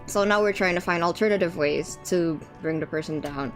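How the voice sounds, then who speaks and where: A woman's voice: on the low side, a little fast, soft background music. A woman streamer chatting casually to her viewers while playing a game, rambling with fillers and restarts. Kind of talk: casual gameplay commentary.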